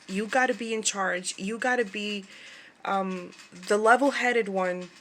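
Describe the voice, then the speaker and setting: A woman's voice: medium pitch, a bit bright, slight background noise. A middle-aged woman who runs a craft shop, chatting casually to her viewers, laughing often and imitating other people as she tells stories. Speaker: craft shop owner vlogger. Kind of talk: casual chat to camera.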